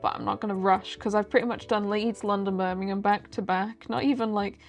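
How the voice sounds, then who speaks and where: A chatty young woman talks through a haul in a loose, rambling way, often laughing at herself. Her voice sits at a middle pitch, with faint music playing behind her. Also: steady tone, a little fast. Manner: chatty, self-deprecating, rambling asides. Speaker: vlogger. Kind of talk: casual haul vlog.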